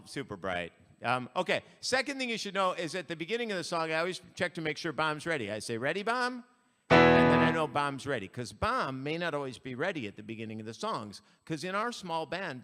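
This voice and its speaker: Bright-voiced man joking from a church stage. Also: a little high. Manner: playful deadpan jokes to the audience. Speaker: band frontman. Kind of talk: stage banter at a church concert. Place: church sanctuary. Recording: live in a church hall, reverberant, with instruments.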